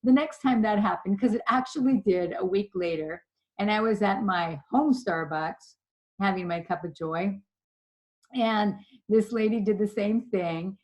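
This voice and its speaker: A woman presenting a leadership lesson from her slides. She tells her stories in a chatty, animated way, her voice at an ordinary middle pitch. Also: a little slow, lo-fi sound. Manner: storytelling, chatty, animated retelling. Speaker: leadership trainer.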